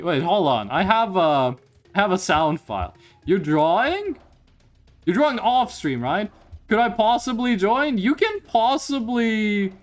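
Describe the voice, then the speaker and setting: A man on a live stream, talking in a raised, high register that swings up and down. He is hyped and swears freely as he reacts to viewers' chat. Faint music plays behind him. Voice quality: voice pitched higher on stream.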